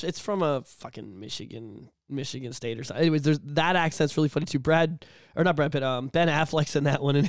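East Coast Canadian man, podcast host, rapid, swears a lot, dry close sound. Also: fairly high pitch, clear, resonant tone, no echo. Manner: rambling, profane, animated storytelling. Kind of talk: casual chat.

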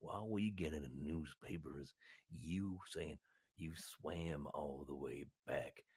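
A man voicing a grumpy seal, slowly ranting at humans in a put-on accent, low and drawn out. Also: darkish tone, slightly rough, dry recording, heavily acted. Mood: grumbling, annoyed. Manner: slow grumbling rant with a put-on accent.

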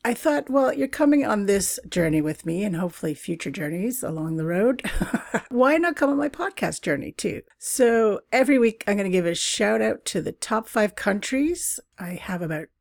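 A woman's voice: medium pitch, expressive, normal speed, creaky, dry recording. A middle-aged woman from Canada hosting a travel podcast, chatting casually in a bubbly way and laughing often. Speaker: podcast host.

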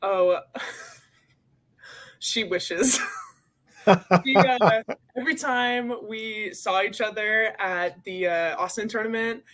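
A woman's voice: mid-range voice, slow pace, long pauses, a bit bright. A young woman in her twenties, a guest answering interview questions in an upbeat way and laughing easily. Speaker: guest, pro rugby player.

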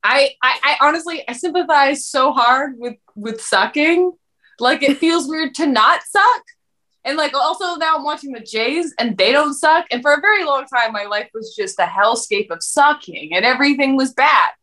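A woman's voice: sits high, moderate pace, sharp tone. A young woman co-hosting a casual chat, talking in a rambling, jokey way and acting out quotes.

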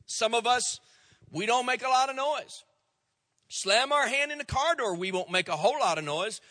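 High, bright-voiced preaching pastor. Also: male voice, lively intonation, dry recording, in a large hall. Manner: folksy, emphatic preaching with slow stressed quotes. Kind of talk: sermon.

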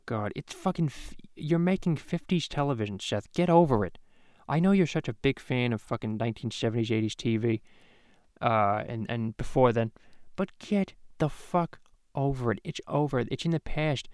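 A man's voice: medium pitch, expressive, normal speed, darkish tone, smooth, no room sound, clean studio sound. A man hosting a comedy podcast, ranting and swearing in a rambling way with many restarts. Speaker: podcast host. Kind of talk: profane comedic rant. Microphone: podcast microphone.

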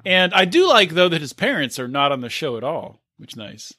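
A high-voiced man with a bright, forceful tone, chatting bluntly and dismissively on a podcast. The sound is dry, with no room in it. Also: very animated, a little fast, dry recording. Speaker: podcast co-host. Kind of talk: casual chat.

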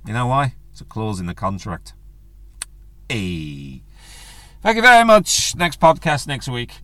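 A podcast host, a man, rants on his own solo show in a blunt, crude, joking way, swearing a lot. His mid-range voice swings widely in pitch, with an unhurried pace and a fairly bright tone. There's no room sound in this casual solo rant.

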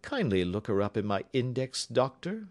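A man's voice: mid-range voice, sing-song, voice pushed up, close to an everyday voice. A man voicing a cool, languid detective who speaks dryly and precisely. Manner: dry, measured.

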